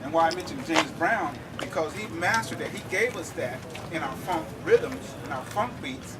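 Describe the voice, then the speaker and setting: A man with a fairly high voice leads a drumming lesson, explaining each idea to the crowd and checking in with a quick "okay?" The mic sits well away from him. Outdoor noise stays clearly present behind him. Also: lively intonation, far from the mic. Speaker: drum instructor. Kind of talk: lecture-demonstration. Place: outdoor campus event.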